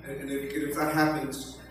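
An older man preaching a sermon, slow and emphatic, with joking asides. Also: a little high, heavy background noise. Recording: echoey hall from far off.

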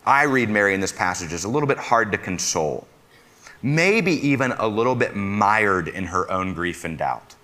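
A man gives a conversational sermon in a lowish voice with a bright, forceful edge. He often turns to his listeners with questions and talks as one of them. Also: expressive, normal speed. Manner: asks listeners questions, speaks as a fellow "fixer". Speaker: preacher.

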